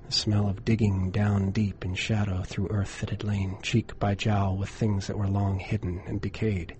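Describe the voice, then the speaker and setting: A man narrating a horror story in a measured, dramatic way, dropping to a hush for suspense. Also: on the low side, little pitch movement, soft background music.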